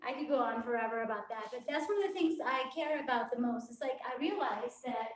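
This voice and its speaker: A woman's voice: on the high side, brisk. A woman fitness coach talking casually on a live stream, earnest and rambling with lots of "it's like", from her home workout space. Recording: roomy echo from a distant mic.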